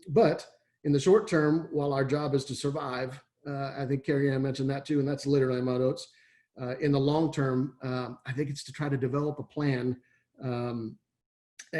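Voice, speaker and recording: A middle-aged athletic director from Texas gives a webinar presentation over a video call, his talk folksy and rambling, packed with fillers and restarts. His voice is medium-pitched and a little mellow.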